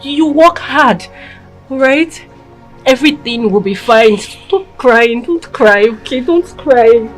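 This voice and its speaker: A young wife, gently reassuring. Her voice sits fairly high. Quiet film music runs beneath her. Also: expressive, takes it slowly. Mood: soothing. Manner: soothing, reassuring.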